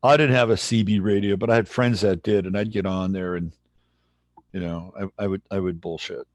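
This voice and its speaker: A man hosting a livestream in casual chat, relaxed and rambling as he greets viewers. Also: low voice, a little fast, no echo. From San Jose, California, USA. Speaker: livestream host.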